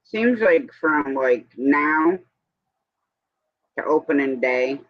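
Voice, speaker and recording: A man's voice: on the high side, lively intonation, takes it slowly. Chatty man on a lo-fi livestream. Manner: rambling, chatty, drifts between topics. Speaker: livestream host. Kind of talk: casual evening chat. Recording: dull lo-fi stream audio.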